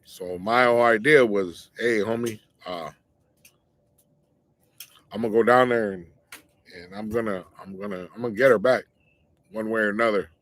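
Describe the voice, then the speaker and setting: A man's voice: on the low side, fairly even intonation, moderate pace, pauses often, fairly bright tone, no echo. A middle-aged man hosting his own show, telling a personal story in a casual, blunt, slangy way and warning listeners. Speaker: show host.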